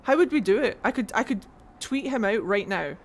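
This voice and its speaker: A woman with a Scottish accent streaming a game from home, chatting casually with viewers, excitable and swearing freely. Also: fairly high pitch, a little fast, slight background noise. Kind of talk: casual livestream chat while playing.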